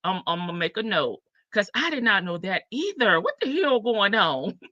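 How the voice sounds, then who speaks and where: Bright-voiced chatty woman livestream host. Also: medium pitch, sing-song, normal speed, no echo, dull audio. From Chicago. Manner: chatty, greets viewers one by one, sassy asides. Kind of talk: casual livestream chat.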